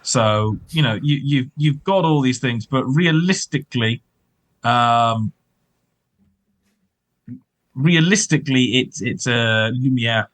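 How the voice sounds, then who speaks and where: A man's voice: medium pitch, steady tone, unhurried, hardly any pauses, fairly bright tone, no room sound, rough recording. A man chatting casually about film history as a podcast co-host, rambling with lots of fillers and hedges.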